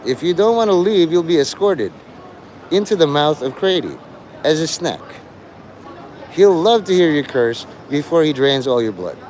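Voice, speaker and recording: Animated man lecturing a livestream chat. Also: fairly high pitch, normal speed, a faint crowd, a little hiss or hum. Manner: lecturing, taunting, mock-teacherly.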